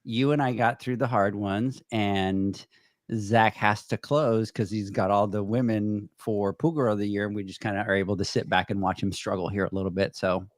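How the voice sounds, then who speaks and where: A man hosting a podcast, chatting in a relaxed way about upcoming voting and handing off to the sponsors. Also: fairly low pitch, moderate pace, no room sound. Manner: relaxed, chatty, many restarts. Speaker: podcast host. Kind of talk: casual podcast chat.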